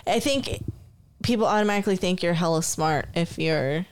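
Smooth low-voiced woman chatting casually. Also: normal speed. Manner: relaxed, swears casually, reads out findings. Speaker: podcast co-host. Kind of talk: casual chat.

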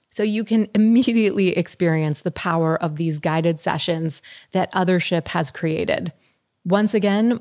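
A woman hosting a podcast, speaking softly and warmly affirming her guest and listeners. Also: lowish voice. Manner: soft, gentle, affirming. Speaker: podcast host. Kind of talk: podcast host chat and outro.

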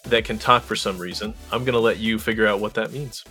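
A man hosting a casual podcast, upbeat and quick to laugh. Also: lowish voice, fairly even intonation, sharp tone, soft background music. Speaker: podcast host.

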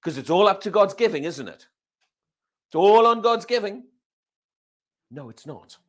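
A man preaching a sermon at a church service, animated and firing questions at the congregation. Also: high voice, unhurried.

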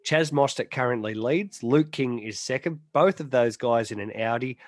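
A man's voice: mid-range voice, moderate pace, no room sound. Australian male host, chatty and teasing, mid-range voice, dry studio read. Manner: chatty, teasing, reads sponsor plugs. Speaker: motorsport podcast host. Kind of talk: casual chat.

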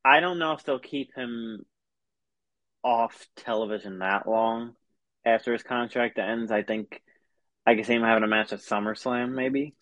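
A man's voice: medium pitch, moderate pace, fairly bright tone, dry recording, muffled recording. A man co-hosting a casual podcast, recorded dry and close with no room sound. He laughs easily and trips into stammered restarts as he talks. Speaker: podcast co-host. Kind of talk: casual wrestling podcast chat.

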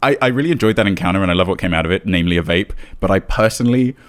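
A man, a tabletop game master, talking as a podcast guest in a casual, animated way, rambling and laughing often. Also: sits low, rapid-fire. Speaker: guest, dungeon master of a tabletop actual-play show. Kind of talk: casual podcast interview chat.

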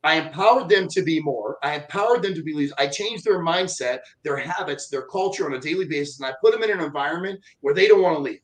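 A man's voice: a little high, quick pace, few pauses, poor audio. A man talking as a podcast guest, blunt and profane, telling stories with a lot of energy. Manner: blunt, profane, animated storytelling. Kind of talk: casual podcast chat.

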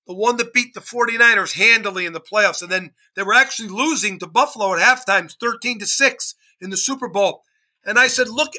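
A man's voice: high-pitched, sharp tone. A man co-hosting a sports history podcast, talking emphatically and driving his points home with repeated "okay?". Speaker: podcast co-host. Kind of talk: casual sports chat.

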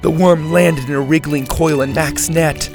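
A man narrating a children's adventure story in an expressive read-aloud manner. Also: a little high, moderate pace, over music.

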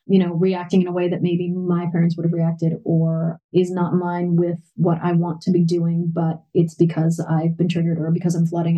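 Mellow, low-voiced reflective woman. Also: low-quality recording. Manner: reflective, heavy use of "you know". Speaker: podcast guest, parent. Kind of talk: candid conversational interview.

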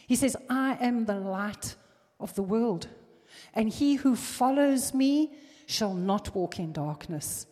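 A woman's voice: a little high, takes it slowly, darkish tone. Fervent woman preaching in a reverberant hall. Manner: emphatic, rising to fervent exhortation. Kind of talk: sermon.

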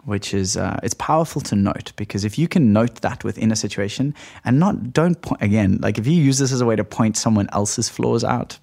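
A man hosting a solo podcast, explaining ideas in a relaxed, reflective way. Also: lowish voice, a little fast, creaky. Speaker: podcast host.

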